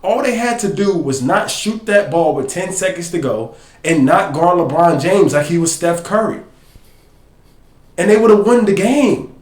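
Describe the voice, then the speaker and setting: Man, high voice, animated slangy film breakdown, echoey room. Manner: animated, slangy, directs a producer to pause and play. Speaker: podcast host breaking down game film. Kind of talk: casual sports film breakdown.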